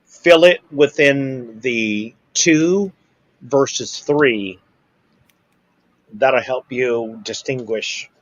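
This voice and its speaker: A man speaks slowly, patiently explaining rhythm and scatting beats aloud. The recording is dry and close, with no room echo. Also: medium pitch, muffled recording. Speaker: musician guest. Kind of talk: casual chat.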